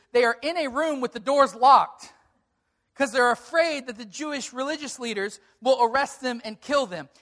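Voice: mid-range voice, fairly bright tone. Earnest preacher retelling a story. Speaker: pastor. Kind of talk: sermon.

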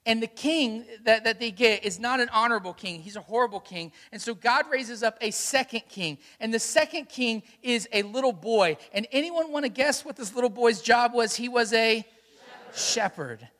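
High-voiced male pastor in a reverberant hall. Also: moderate pace. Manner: storytelling, animated, asks the congregation questions. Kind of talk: sermon.

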